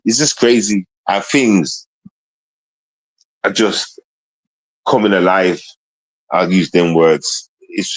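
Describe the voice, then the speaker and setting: A man's voice: fairly low pitch, no room sound, low-quality recording. Streamer, man, loose slang-heavy ramble, dry close sound. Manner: loose, repetitive street slang with frequent tag questions. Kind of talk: rambling casual livestream chat. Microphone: streaming mic.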